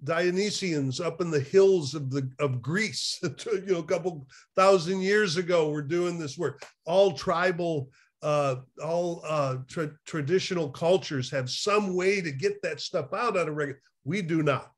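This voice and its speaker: A man talks through recovery work in a conversational interview, his voice sitting a little high for a man. He is animated and chuckles often, and he stops and restarts his sentences as he thinks aloud. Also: unhurried. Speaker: recovery therapist, guest.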